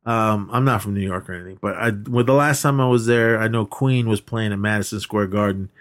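A man's voice: fairly low pitch, brisk. A man co-hosting a podcast, casually recapping a film in a rambling way, acting out quoted lines and laughing as he goes. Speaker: podcast co-host. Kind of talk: casual movie recap chat.

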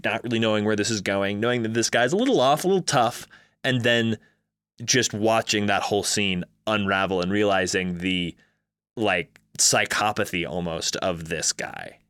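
A man's voice: on the low side, a bit bright, no echo, studio quality. A man co-hosting a casual film discussion, thoughtful and working through ideas step by step. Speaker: film podcast co-host.

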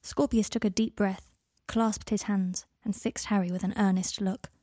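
A woman reading a story aloud in a calm, even storytelling manner. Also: mid-range voice, moderate pace, no echo, clean studio sound. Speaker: audiobook reader. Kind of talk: scripted narration.

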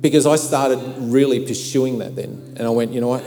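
A man's voice: medium pitch, fairly quick, vocal fry, dark tone. A middle-aged man preaching a sermon, telling a personal story in a chatty way with many fillers. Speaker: pastor. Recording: long hall reverb, faint music.

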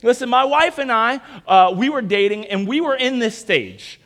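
A man's voice: extremely high pitch, normal speed. A young man preaching a sermon, telling stories and acting out quoted lines with animation. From Virginia, United States. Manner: animated storytelling, acts out quotes. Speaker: pastor.

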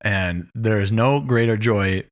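A man's voice: fairly low pitch, a little slow. A man hosting a casual chat who laughs often and asks easy, joking questions. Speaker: host.

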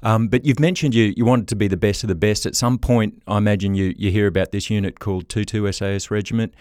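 Low smooth male co-host, dry sound, hesitant with ums. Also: fairly even intonation, quick pace, darkish tone, no echo. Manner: hesitant, many ums while explaining. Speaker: podcast co-host. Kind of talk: interview questions.

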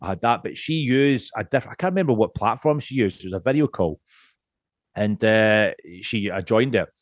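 A man's voice: lowish voice, animated, moderate pace, no room sound, studio quality. A Scottish man on a podcast as a guest, chatting casually, rambling, swearing freely and laughing often. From Scotland.

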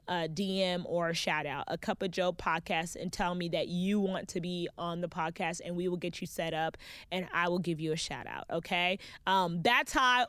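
A woman's voice: fairly low pitch, a bit bright, clear, resonant tone, dry recording. A woman hosting her own podcast, chatting playfully with listeners and calling them babes and y'all. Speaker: podcast host. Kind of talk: casual solo podcast chat.

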